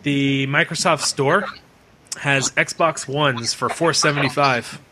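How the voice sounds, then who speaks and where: A man hosts a casual podcast, rambling from point to point with easy swearing. His voice sits a little high. A steady hiss runs under the recording. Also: slow. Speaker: podcast host. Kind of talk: casual chat.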